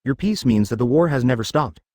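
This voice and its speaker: A man's voice: medium pitch, lively intonation, fairly quick, darkish tone, no echo, studio quality, natural voice. A man reading the lines of a disillusioned, sneering male ninja in a storybook narration. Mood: scornful. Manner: scornful, sneering.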